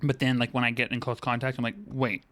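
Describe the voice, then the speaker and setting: Male co-host, rapid-fire animated storyteller, giddy. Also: mid-range voice. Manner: animated, giddy storyteller who acts out quotes. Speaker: podcast co-host. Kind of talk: casual storytelling chat.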